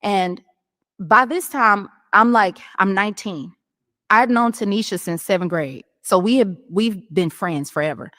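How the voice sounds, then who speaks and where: A woman's voice: mid-range voice, unhurried, no echo, studio quality, long reverb tail. A woman in her thirties, a podcast guest, telling her personal story in casual speech and acting out the voices of the people in it. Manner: animated storytelling, acts out quoted voices. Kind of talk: casual testimony.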